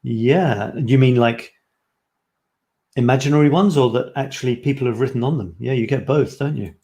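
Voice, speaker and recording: A man's voice: medium pitch, normal speed, warm tone. A middle-aged man hosting a live writing show, chatting casually and reading his own short pieces aloud with playful, self-mocking asides.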